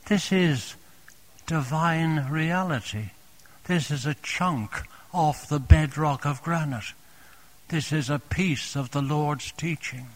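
A man delivers a sermon in a gentle, tender way, softly repeating phrases and calling the congregation his dear friends. His voice sits on the high side and he speaks slowly.

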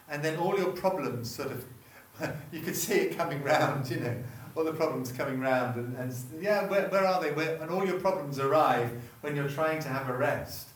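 A man preaching a sermon, chatty and often stopping himself mid-sentence to put questions to the congregation. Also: on the high side. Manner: chatty, self-interrupting, asks the room questions. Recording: echoey room, voice from far off.

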